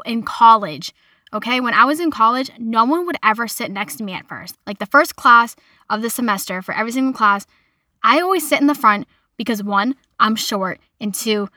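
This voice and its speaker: A young woman in her twenties telling a casual personal story in a chatty, animated way, quoting other people as she goes. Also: fairly high pitch, no echo, studio quality. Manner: chatty, animated retelling with quoted voices.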